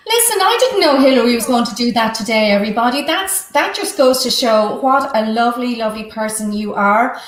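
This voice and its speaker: A woman's voice: on the high side, lively intonation, a little fast, few pauses, reverberant, a little hiss or hum. An Irish woman hosting a casual live-stream chat, gushing and enthusiastic. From Ireland. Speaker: host, violinist.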